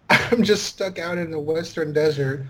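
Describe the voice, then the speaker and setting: A man chatting casually as a podcast guest, relaxed and laughing easily. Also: a little high, a little slow, poor audio. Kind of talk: casual chat.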